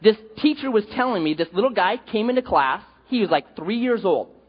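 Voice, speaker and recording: A man's voice: sits high, lively intonation, a little fast, breathy edge. A male pastor preaching a sermon, telling stories animatedly with jokes, in an echoey hall with dull sound.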